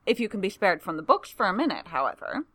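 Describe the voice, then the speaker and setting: A wry, teasing man, as a woman reads him, sounding innocently mocking. The voice is lively and dry. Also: mid-range voice, fast talker, no echo.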